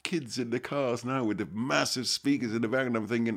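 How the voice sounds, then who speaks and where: A man's voice: medium pitch, fairly even intonation, a little fast. A man in his sixties with a Liverpool Scouse accent, reminiscing in a rambling, casual way as an interview guest. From Liverpool, England. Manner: rambling, peppered with "you know what I mean". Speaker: actor guest.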